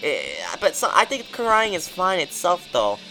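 Animated young ranting podcast host. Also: a little slow, soft background music. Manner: animated, ranting, swings pitch widely. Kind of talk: casual chat.

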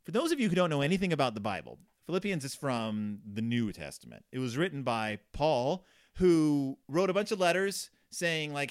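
A man's voice: a little high, very animated, moderate pace. Rambling, jokey man hosting a podcast. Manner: rambling, jokey, full of "like" and asides, puts on silly voices for characters. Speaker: podcast host. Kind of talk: casual comedic book review.

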